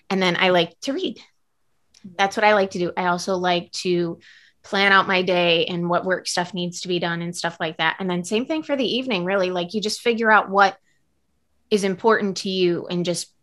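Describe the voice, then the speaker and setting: A woman's voice: on the low side, fairly bright tone. A woman co-hosting a podcast, chatting earnestly and casually with lots of fillers. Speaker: podcast co-host. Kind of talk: casual chat.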